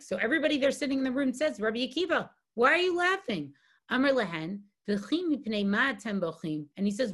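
Woman teaching a Talmud class. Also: medium pitch. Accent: Hebrew and Aramaic phrases read with Ashkenazi pronunciation. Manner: reads Hebrew and Aramaic text, then translates it, with frequent "right?" tags. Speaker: Torah teacher giving a guest class. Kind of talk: lecture on Talmud text.

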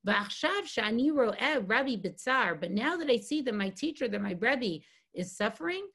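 A woman's voice: on the high side, animated, normal speed, few pauses, fairly bright tone, husky. A woman giving a Talmud lesson as a guest teacher, reading Aramaic lines and translating them, tagging many sentences with "right?". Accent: Hebrew and Aramaic phrases read with Ashkenazi pronunciation. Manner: reads Hebrew and Aramaic text, then translates it, with frequent "right?" tags. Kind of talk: lecture on Talmud text.

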